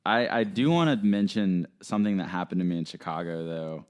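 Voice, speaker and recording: Young male podcast host, very low voice, animated casual storyteller. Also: fairly quick, clear, resonant tone. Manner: animated storyteller who acts out quotes in a higher voice.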